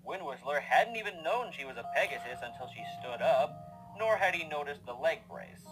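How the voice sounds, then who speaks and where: A man reading narration for a fanfiction audio story in a steady, measured way. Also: on the high side, poor audio. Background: background music.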